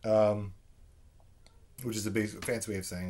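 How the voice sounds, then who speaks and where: A man's voice: fairly low pitch, little pitch movement, normal speed, a little mellow, a little hiss or hum. A man giving a conversational literature lecture, full of fillers and "right?" check-ins. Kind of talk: recorded lecture.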